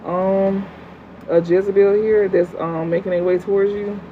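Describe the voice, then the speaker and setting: A tarot reader doing a livestream reading and answering chat in a blunt, profane, fast, slangy way. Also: medium pitch, level tone. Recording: phone-like audio with faint hum.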